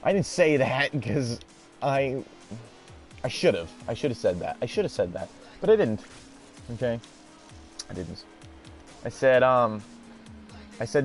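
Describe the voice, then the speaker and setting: A man's voice: mid-range voice, big pitch swings, takes it slowly, long pauses, faint music behind. A man hosting a gaming video, telling a story in a rambling, exasperated way and swearing casually. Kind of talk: casual storytelling over gameplay.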